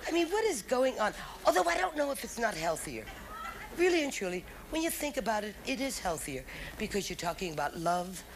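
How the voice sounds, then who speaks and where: Gravelly middle-aged lady comic, bawdy stand-up, lots of crowd laughing, old 70s tv sound. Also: on the high side, background noise. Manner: brash, bawdy, talks straight to the audience. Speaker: stand-up comedian. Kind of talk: stand-up comedy routine. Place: theater stage with a live audience. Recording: 1970s TV special, loud crowd laughter.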